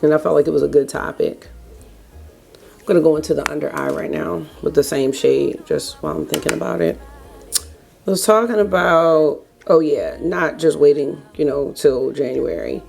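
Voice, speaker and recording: A woman's voice: sits low, very animated, moderate pace, gravelly, darkish tone, faint music behind. A woman in her thirties talking casually and rambling to viewers while doing her makeup at home. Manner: rambling, chatty, talks straight to viewers. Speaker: beauty vlogger. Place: home, getting ready in the morning.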